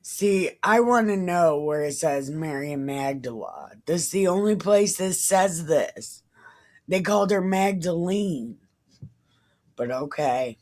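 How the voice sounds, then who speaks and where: A woman reading a Bible passage aloud and breaking off into profane, confused, deadpan asides. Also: low-pitched, slow pace. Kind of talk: irreverent casual Bible reading with commentary.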